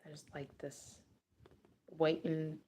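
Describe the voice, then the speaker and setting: A woman giving a casual psychic reading aloud, talking loosely and swearing, moving between hushed murmurs and excited bursts. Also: deep voice, slow pace, husky. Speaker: psychic reader. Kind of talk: casual spoken card reading.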